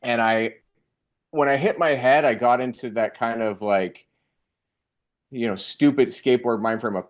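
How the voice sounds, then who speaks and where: A young man telling a funny personal story in a casual, animated way, acting out the voices of the people in it. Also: mid-range voice, normal speed. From Canada.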